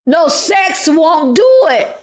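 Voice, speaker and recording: A woman's voice: very high-pitched, very animated, slow pace, darkish tone. A woman hosting her own channel, talking through an emotional monologue in a repetitive, pleading, heartfelt way. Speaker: channel host giving life advice.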